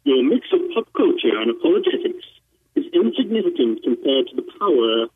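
A man putting on a deep menacing masked villain voice as a joke, heard over a phone line. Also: sing-song, fairly quick, breathy edge. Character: Catholic Darth Vader, menacing masked villain.

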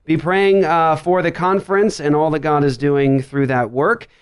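A man's voice: a little high, steady tone, clean tone. Upbeat man hosting a radio show. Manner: upbeat, quick banter with frequent laughs. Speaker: podcast host. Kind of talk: casual radio show chat. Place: makeshift studio writers' room.

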